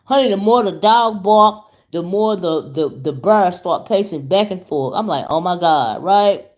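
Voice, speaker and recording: A YouTube commentary host chats animatedly with her viewers while telling a casual story on her vlog. Her pitch is fairly low and her pace a little slow, and she calls her audience "y'all" and "child."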